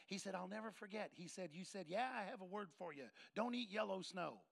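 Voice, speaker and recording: A man preaching, telling a story and acting out the dialogue with lively, shifting voices. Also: sits high, a little fast, creaky, few pauses. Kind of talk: sermon storytelling.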